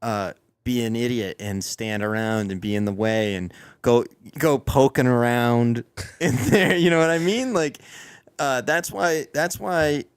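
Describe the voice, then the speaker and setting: A man's voice: medium pitch, measured pace, clean tone, dry recording. Rambling, joking male podcast host. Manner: rambling, restarts sentences, joking. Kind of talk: casual chat.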